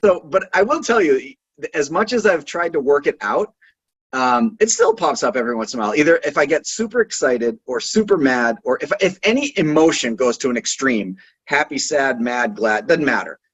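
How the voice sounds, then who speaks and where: A man's voice: a little high, very animated, moderate pace, fairly bright tone, breathy edge, highs cut off. A man from Boston, a consultant and podcast guest, chatting in a rambling way that keeps restarting and tagging "right?". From Boston, USA. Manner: rambling, self-interrupting, with frequent "right?" tags. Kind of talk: casual interview chat.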